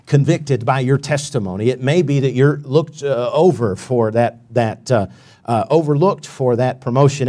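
A man's voice: medium pitch, darkish tone. A man preaching a sermon in a conversational way, with frequent restarts and quoted Bible verses.

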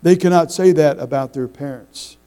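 A middle-aged man preaching a sermon, telling folksy stories with halting restarts. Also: a little high, warm tone, smooth, rough recording. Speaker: pastor.

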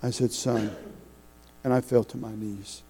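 A middle-aged man preaching a sermon, telling folksy stories with halting restarts. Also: medium pitch, steady tone, warm tone, rough recording. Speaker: pastor.

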